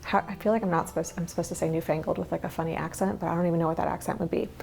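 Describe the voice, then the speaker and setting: Rapid-fire and a bit mellow, a thirtysomething woman's lowish voice carries vocal fry and fairly even intonation. She vlogs casually about her minimalist habits, chatty and open, with small laughs and asides.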